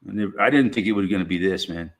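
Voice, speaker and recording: A man with a fairly low voice talks off the cuff in a loose, rambling stream monologue. He swears freely and keeps stopping to restart his sentences. Filler phrases like "you know" and "man" run through everything he says. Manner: rambling, profane, halting restarts.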